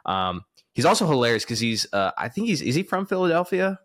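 A man from Texas hosts a relaxed interview and tells his own stories in a chatty way. His voice sits at an everyday middle pitch, and he laughs easily. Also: brisk. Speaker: podcast host. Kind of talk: casual interview conversation.

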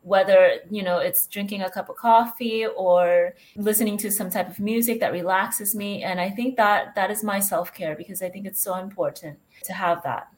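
Woman guest coach, mid-pitched voice, earnest, reflective interview answers. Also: fairly even intonation, moderate pace, hardly any pauses.

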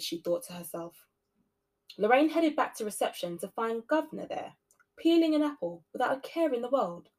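A woman hosting a podcast, narrating a spooky story with expressive shifts between loud and soft delivery. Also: fairly high pitch, moderate pace. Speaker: podcast host reading a story.

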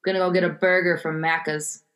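A woman's voice: on the low side, flat delivery, fairly quick, a bit bright. A woman from the United States in casual chat, quizzing a friend on slang and giving example sentences with a teasing manner. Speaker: quiz giver in a word game.

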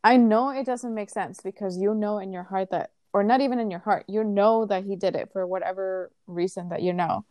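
A woman talking casually and earnestly, giving frank advice with the odd swear word. Her voice is mellow and a little dark, recorded dry and close. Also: mid-range voice, steady tone, brisk, hardly any pauses, no echo. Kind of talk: casual chat.

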